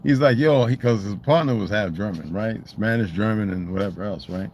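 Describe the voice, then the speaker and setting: A man's voice: fairly low pitch, a little fast, a little mellow, slight background noise. A man talking in a loose, rambling monologue, swearing freely and restarting his sentences. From United States. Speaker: channel host.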